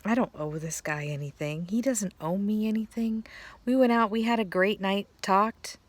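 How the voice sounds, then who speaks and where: A woman's voice: medium pitch, normal speed, no echo. A middle-aged woman casually telling a personal story, rambling and restarting her sentences, heartfelt and close to tears at times. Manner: rambling, restarts sentences, laughs between thoughts. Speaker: vlogger.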